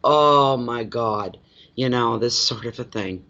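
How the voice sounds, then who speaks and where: A man, a card reader chatting casually on a livestream from home, expressive and quick to laugh, greeting viewers by name. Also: mid-range voice, lo-fi sound. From Atlantic Canada.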